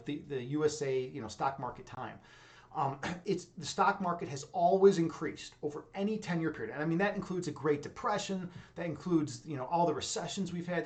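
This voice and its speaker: Fast-talking intense young man. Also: on the high side, darkish tone. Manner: intense, rapid, rambling with many fillers and profanity. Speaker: livestream host. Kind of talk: casual livestream chat reading viewer comments.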